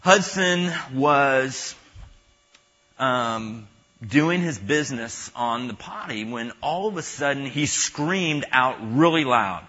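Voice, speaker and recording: Chatty man preaching, bright but husky. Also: medium pitch, animated. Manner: halting and chatty, joking with the audience. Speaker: pastor. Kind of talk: conversational sermon. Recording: muffled lo-fi recording.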